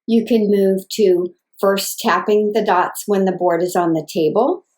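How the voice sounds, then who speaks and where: A woman speech-language pathologist giving calm, clear, scripted instructions for parents. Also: mid-range voice, unhurried.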